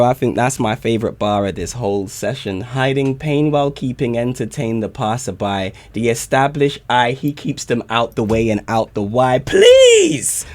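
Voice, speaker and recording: A man reacting to community music on a live stream, hyped and excitable, often shouting his praise. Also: mid-range voice.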